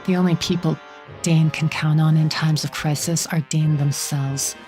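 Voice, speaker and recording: A woman's voice: sits low, fairly even intonation, normal speed, a little mellow, faint music behind, natural voice. A woman voicing an arrogant, villainous woman general who taunts with contempt. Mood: scornful.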